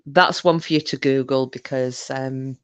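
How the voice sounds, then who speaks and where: A woman's voice: a bass voice, fairly even intonation, measured pace, clear, resonant tone, no echo. A woman hosting a livestream in casual chat, rambling and often breaking into giggles. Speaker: livestream host.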